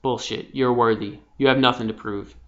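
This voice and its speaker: Young man, spiritual vlog monologue, profane, hushed then loud, mid pitch, dull lo-fi audio. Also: steady tone, normal speed. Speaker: vlogger. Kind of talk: impassioned spiritual monologue to camera. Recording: slightly dull lo-fi sound.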